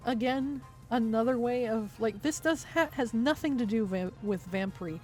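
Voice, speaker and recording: A woman streamer rants on a livestream, her voice sitting a little high as she swears and mocks. Her delivery is heated and sarcastic, often breaking into laughs. Quiet music plays faintly behind her. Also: normal speed. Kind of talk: livestream commentary reacting to a document.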